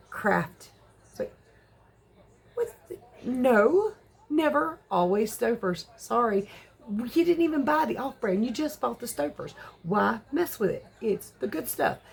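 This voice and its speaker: A woman in her forties chatting casually on a vlog, excitable and ranting. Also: gravelly. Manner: excitable ranting with big jumps in pitch. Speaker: vlogger.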